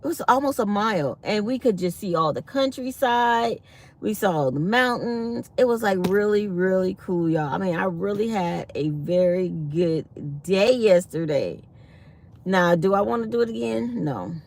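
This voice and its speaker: A woman's voice: mid-range voice, lively intonation, unhurried, a little mellow. A woman, chatting to her viewers on a casual livestream and acting out what people said. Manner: chatty, talks to viewers as y'all, acts out quotes. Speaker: livestream host. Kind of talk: casual live-stream storytelling.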